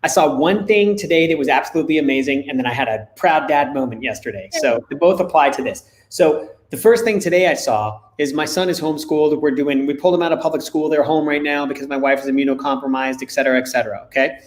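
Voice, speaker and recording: Animated dad telling stories in an echoey room. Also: male voice, on the high side, fast talker, few pauses. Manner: animated anecdotes, acts out dialogue. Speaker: co-host. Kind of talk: casual storytelling.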